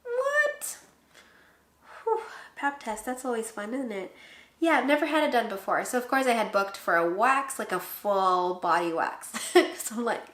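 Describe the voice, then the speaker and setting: A woman's voice: on the high side, normal speed, a bit bright. Chatty laughing woman, echoey room. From Philippines. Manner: chatty, laughs often, acts out quotes. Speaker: pregnancy vlogger. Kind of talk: casual chat to camera.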